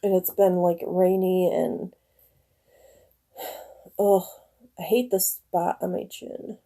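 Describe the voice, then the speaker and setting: A woman in her forties from northern Michigan hosts a live stream from home, chatting with viewers in a rambling way and laughing often. Her voice is lowish and dark, slow-paced, with little pitch movement.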